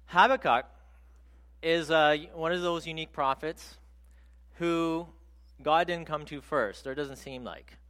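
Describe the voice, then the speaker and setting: A man preaching a sermon in a conversational, animated storytelling way. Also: on the high side, a little slow, long pauses.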